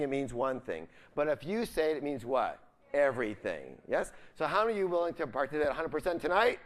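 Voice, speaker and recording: A middle-aged man giving a motivational seminar, quizzing the audience and leaving the ends of his sentences for them to fill in. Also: on the high side. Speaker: seminar speaker.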